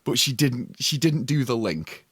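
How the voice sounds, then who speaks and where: Animated ranting man. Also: mid-range voice, a little slow, husky, no echo, clean studio sound. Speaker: podcast co-host. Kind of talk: casual chat.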